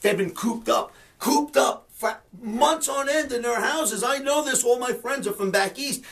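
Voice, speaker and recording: A man's voice: extremely high pitch, a little slow, hardly any pauses, a bit bright, far from the mic. A man hosting a trading commentary show, fired up and ranting, mocking the people he disagrees with. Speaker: trading educator and show host. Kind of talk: market commentary webcast.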